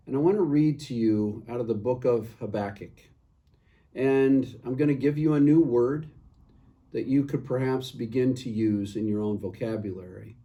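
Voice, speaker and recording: A man giving a short devotional as a church pastor, earnest, reading scripture with rising emphasis and then dropping to a soft close. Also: medium pitch, distant mic. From United States.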